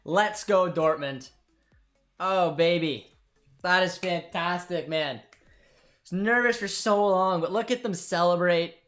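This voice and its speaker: A young man hosting a live football watchalong, reacting with excitement and emotion and talking to his viewers. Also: high voice, measured pace, faint music behind. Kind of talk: live match watchalong commentary.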